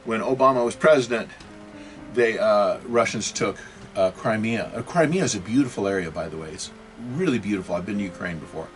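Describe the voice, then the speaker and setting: A man's voice: fairly low pitch, expressive, brisk, soft background music. A man hosting his own video, talking off the cuff in a rambling monologue, full of rhetorical questions, fillers and self-corrections. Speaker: video host. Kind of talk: unscripted political and religious monologue.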